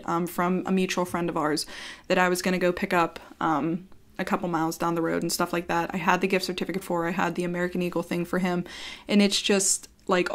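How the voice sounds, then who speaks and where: Blunt, chatty woman with a lowish voice. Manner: chatty and blunt, swears freely, fills with "like". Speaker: YouTuber telling a personal story. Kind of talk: casual storytime vlog.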